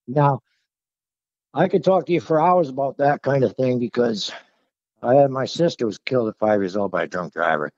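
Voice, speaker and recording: Guy rambling thru a story, gravelly low rumble, kinda dull lo-fi sound. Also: moderate pace, no room sound. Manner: animated, conversational, working-class phrasing. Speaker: guest telling his encounter. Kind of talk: casual storytelling to a host. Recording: dull lo-fi call audio.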